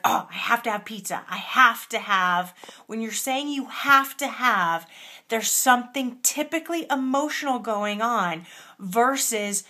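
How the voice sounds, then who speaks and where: A woman's voice: fairly high pitch, fairly bright tone. A woman weight loss coach talking straight to her viewers, earnest and encouraging, often repeating words for emphasis. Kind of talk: direct-to-camera coaching talk.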